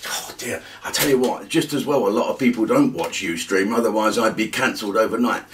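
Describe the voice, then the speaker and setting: A man's voice: lowish voice, brisk, far from the mic, background noise. A man hosting a comedy show, ranting in an exasperated way.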